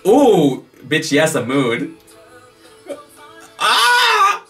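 Emotional reactor with wild pitch swings. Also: sing-song, slow pace, a bit bright, distant mic, soft background music. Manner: emotional, gushing and profane. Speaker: video reactor. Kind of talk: casual reaction commentary.

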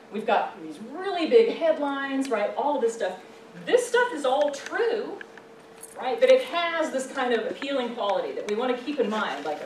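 A woman professor giving a public lecture, conversational, often checking in with the audience. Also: medium pitch. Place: library meeting room. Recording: roomy echo, voice from far off, faint background noise.

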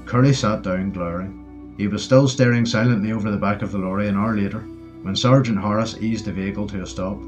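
A man narrates a wartime story in a steady, low voice. The recording is dull and muffled, with faint music playing behind him. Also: brisk. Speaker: audiobook narrator. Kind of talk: scripted narration.

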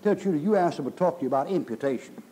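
A man's voice: on the high side, lively intonation, fast, mellow, low-quality recording. A middle-aged man preaching a sermon in a folksy, emphatic way, his voice rising in bursts. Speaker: pastor.

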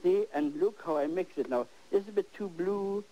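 An older man hosting a TV painting lesson, exuberant and animated, repeating words as he works, on worn 1980s videotape audio. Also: high-pitched, moderate pace, lo-fi sound. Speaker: painting show host.

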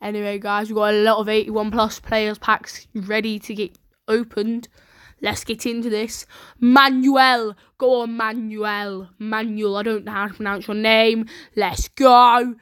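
A woman hosting casual pack-opening commentary, chatty and excitable with sudden shrieks. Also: medium pitch, unhurried, smooth. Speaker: channel host.

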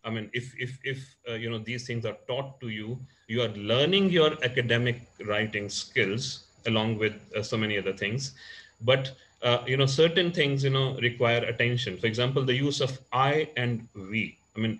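A man's voice: medium pitch, normal speed, a bit bright, rough recording. A man giving an online lecture, hesitant, with many fillers and restarts. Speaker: guest speaker, lecturer. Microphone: computer or phone mic on a video call.

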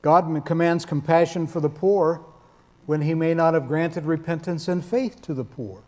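A man's voice: on the high side, fairly even intonation, moderate pace, a little mellow. A man preaching a sermon in a conversational, emphatic way with touches of dry humor.

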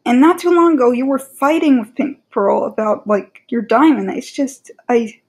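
A woman's voice: sits high, normal speed, darkish tone. A woman giving casual opinion commentary in a rambling, exasperated way, with frequent fillers and restarts. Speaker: commentary creator.

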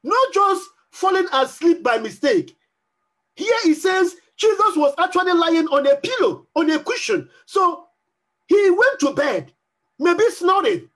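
Animated high-pitched preaching man. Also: measured pace. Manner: emphatic preaching, repeats phrases, acts out pleading prayers. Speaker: pastor. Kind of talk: sermon.

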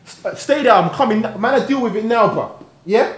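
An actor with a London accent playing a hot-headed young gangster who swears and pushes hard. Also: male voice, sits high, lively intonation, fairly quick. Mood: angry. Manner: aggressive, swearing, pushy. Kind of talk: gritty film acting.

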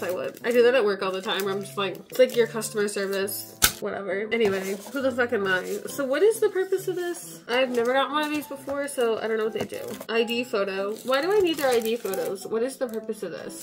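A young woman talks in a slightly high voice at the end of a long day. She sounds tired, but she chats casually and exclaims often, using slang and mocking herself. The talk is a late-night home vlog. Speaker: vlogger.

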